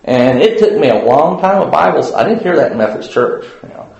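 A man's voice: a little high, very animated, brisk, gravelly, a little mellow, highs cut off. A man giving an informal Bible lesson at church in a folksy, rambling way, with many fillers and restarts. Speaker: Bible study teacher. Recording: very echoey room.

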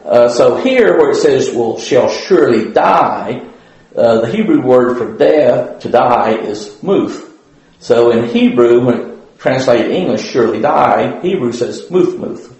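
A man's voice: mid-range voice, lively intonation, a little slow, a little mellow. A man giving an informal Bible lesson at church in a folksy, rambling way, with many fillers and restarts. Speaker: Bible study teacher. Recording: very echoey room.

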